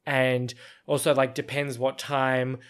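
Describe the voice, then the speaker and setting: A young man with an Australian accent chats casually on his own podcast, his voice sitting at an everyday middle pitch. He wanders from thought to thought, filling gaps with "um" and "like", and often breaks into small laughs. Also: little pitch movement, takes it slowly, a bit bright, smooth. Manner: rambling, meandering, with frequent fillers and little laughs. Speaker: podcast host. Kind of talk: casual solo podcast chat.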